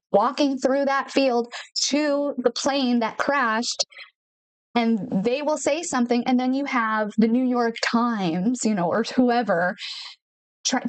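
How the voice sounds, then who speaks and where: A woman's voice: a little high, no room sound. A woman hosting a podcast in casual talk to camera, chatty and repeating words for emphasis, speaking into a home studio microphone. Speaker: podcast host. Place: her home studio in Nashville.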